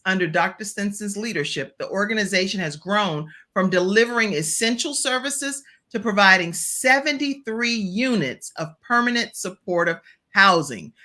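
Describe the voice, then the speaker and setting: A woman from Virginia hosting a virtual talk show, chatty and animated, speaking straight to her audience. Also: mid-range voice.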